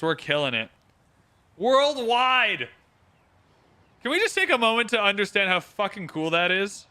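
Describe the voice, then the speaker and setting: Young Canadian male streamer, upbeat chatter, fairly high and very bright voice. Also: clear, resonant tone. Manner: chatty, reads out viewers' locations, swears casually. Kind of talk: casual livestream chat while playing.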